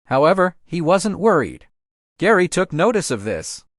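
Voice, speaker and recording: A man reading a fan fiction audiobook aloud in a steady storybook manner. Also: fairly high pitch, normal speed, no room sound, clean studio sound. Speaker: audiobook narrator.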